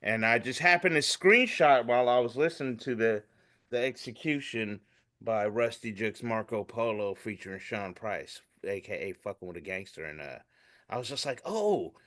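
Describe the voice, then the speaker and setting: A man's voice: lowish voice, moderate pace, a bit bright. A man co-hosting a casual comedy podcast, telling stories animatedly, acting out voices and swearing freely. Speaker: podcast co-host. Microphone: remote call mic.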